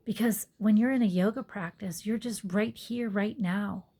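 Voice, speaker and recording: A woman's voice: medium pitch, moderate pace, breathy edge. A woman yoga teacher talking earnestly into her phone in a reflective personal monologue, sometimes dropping to a whisper. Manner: earnest, soft-spoken, drops to whispered asides.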